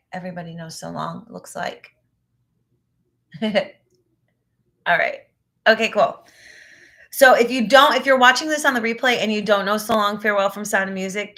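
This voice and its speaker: A woman vocal coach teaching a live online ear-training lesson. She has a phlegmy throat that she clears often, and she breaks into short sung demo phrases. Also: medium pitch, sharp tone.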